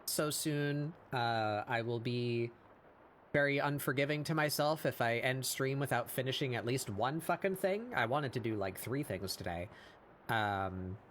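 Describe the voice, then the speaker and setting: Slow-talking hoarse male art streamer. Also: mid-range voice, a bit bright, a little hiss or hum. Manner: rambling and self-deprecating, with frequent fillers and laughs. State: hoarse, losing his voice after hours of talking. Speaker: streamer hosting a weekly art show. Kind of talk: casual live-stream chat while drawing.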